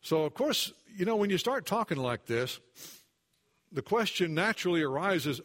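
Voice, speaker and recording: A male pastor preaching with a notably high voice. He talks earnestly and conversationally, sinking to a hush for emphasis and climbing higher when he voices a worried believer. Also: sing-song, moderate pace. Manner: earnest, voice drops low for emphasis, rises when acting out doubts; occasional restarts, conversational asides. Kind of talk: sermon.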